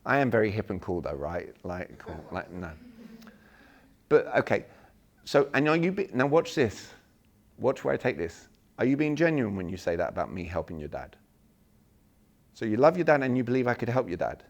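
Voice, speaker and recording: A man's voice: lowish voice, moderate pace, long pauses. A man, leading a live workshop and acting out sample messages for the audience. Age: 40s. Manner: animated, acts out sample messages, jokes with the room. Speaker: workshop speaker. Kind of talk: live seminar talk to an audience.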